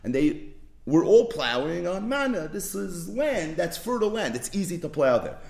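Male Talmud teacher, lively swooping pitch, slightly high voice, storytelling lecture. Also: normal speed, creaky. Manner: animated storytelling, mixing English with Hebrew and Yiddish terms. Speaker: Torah teacher.

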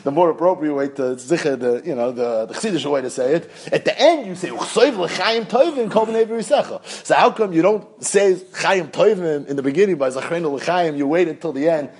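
A man's voice: fairly high pitch, brisk, hardly any pauses, husky. A man with a Yeshivish English accent teaching a Talmud class, chanting the text in a sing-song study style. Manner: animated, sing-song study chant with Yiddish and Hebrew terms.

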